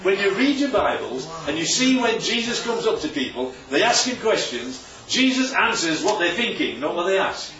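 A man's voice: sits high, sing-song, normal speed, few pauses, sharp tone. A man preaching a sermon in a chatty way, often asking the room questions. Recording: echoey hall from far off, dull.

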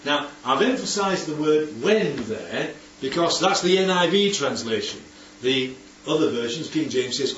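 Lively man leading Bible study. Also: on the high side, unhurried, few pauses, slight background noise. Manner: animated, asks for agreement often. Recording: roomy, distant, dull recording with faint background ambience.

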